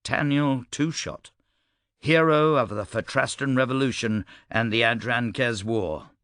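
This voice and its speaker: Here a man delivers scripted audiobook narration, even and measured, at a medium pitch. The studio-quality sound has no room tone at all.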